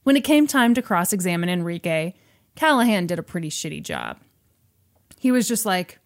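A woman casually retelling a film's plot to a friend, acting out the characters' lines in quick asides. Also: on the low side, huge pitch swings. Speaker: podcast host retelling a film plot. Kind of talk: casual storytelling chat.

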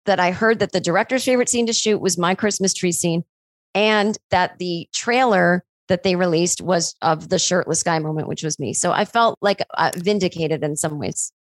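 A woman chatting casually on a podcast about her own screenplay. She tells it like a story, leaping up in pitch to act out what people said. The sound is dry and close. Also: normal speed, no echo. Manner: animated storyteller who acts out dialogue with big pitch jumps. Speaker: screenwriter discussing her film.

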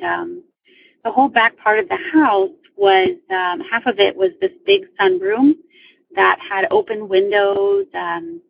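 A woman's voice: on the high side, gravelly, slightly rough. A woman calling in to tell a personal ghost story, hesitant and full of ums and restarts, in casual storytelling. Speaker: caller telling a ghost story. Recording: dull lo-fi phone-line sound.

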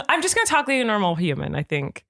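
A woman's voice: mid-range voice, big pitch swings, fast talker, creaky, fairly bright tone, no room sound, studio quality. A woman vlogger in casual, giggly chat, nervous and talkative.

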